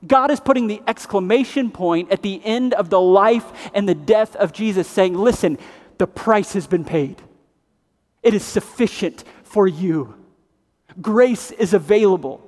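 High-voiced preacher in an echoing hall. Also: male voice, measured pace. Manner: dramatic swings from loud emphatic to hushed and grave. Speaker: pastor. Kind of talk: sermon. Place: church sanctuary. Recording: long reverb of a large hall.

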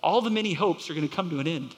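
Earnest high-voiced male preacher in a hall. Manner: earnest, emphatic preaching that swells and drops, slowing on scripture. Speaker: pastor. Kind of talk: sermon.

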